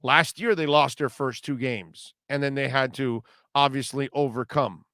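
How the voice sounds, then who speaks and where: A man hosting a live sports talk radio show, reading listener comments and reacting in an animated, emphatic way, often repeating himself. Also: medium pitch, moderate pace, no room sound, clean studio sound. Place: radio studio.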